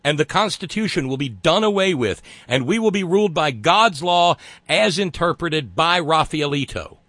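A man's voice: a little high, animated, moderate pace, a bit bright, no room sound. A man hosting a call-in radio show, talking in a sardonic, mocking way. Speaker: radio talk show host.

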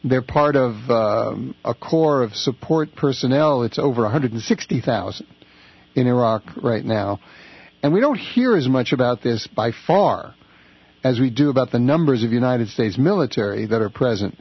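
Husky-voiced man hosting talk radio. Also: medium pitch, lively intonation, moderate pace, lo-fi sound. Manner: conversational, wry, with filler uhs. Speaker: radio talk show guest host. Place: radio studio.

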